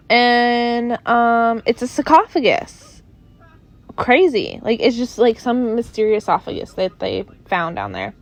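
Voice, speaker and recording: Slow-talking giggly young woman host. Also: fairly high pitch, highs cut off. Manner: rambling and giggly, trailing off into mumbles. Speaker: podcast host. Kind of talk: casual chat.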